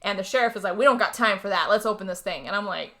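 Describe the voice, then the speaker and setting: Young woman podcast co-host, bright and forceful voice; lively, profane movie recap with acted-out lines. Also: medium pitch, fast talker. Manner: animated storytelling, swearing, acts out character lines. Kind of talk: casual chat.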